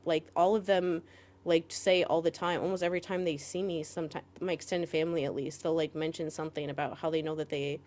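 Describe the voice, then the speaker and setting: A woman co-hosting a podcast in casual chat, rambling with lots of "like" fillers and quick laughs. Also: lowish voice, fairly even intonation, darkish tone. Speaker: podcast co-host.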